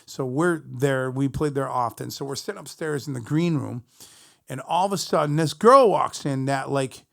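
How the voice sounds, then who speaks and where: Gravelly, profane middle-aged male storyteller. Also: medium pitch, moderate pace. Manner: profane, animated, rambling storyteller. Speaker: musician streaming on Twitch. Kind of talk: casual storytelling to stream chat.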